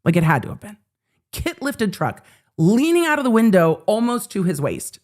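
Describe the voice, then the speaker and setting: A woman in her forties hosting a show, telling a story in casual chat, animated, swearing freely and acting out the quotes. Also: medium pitch, normal speed. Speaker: host.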